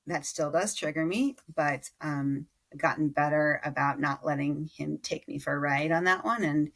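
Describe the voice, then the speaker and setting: Low, gravelly-voiced woman guest. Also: fairly bright tone. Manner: reflective, halting, with frequent self-corrections. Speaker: podcast guest, parent. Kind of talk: casual conversational interview.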